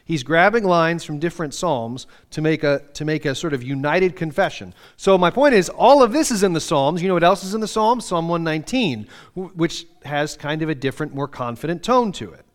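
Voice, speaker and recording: A man's voice: on the high side, animated, brisk, hardly any pauses. A middle-aged man preaching a sermon, earnest and conversational, reading scripture aloud with feeling. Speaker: pastor.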